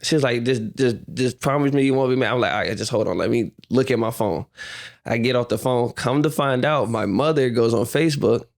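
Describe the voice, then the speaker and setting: Young man, podcast guest, casual storyteller who acts out voices, mid-pitched. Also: fairly quick, vocal fry. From United States. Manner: animated storyteller, acts out quotes, laughs often. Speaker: guest, professional basketball player.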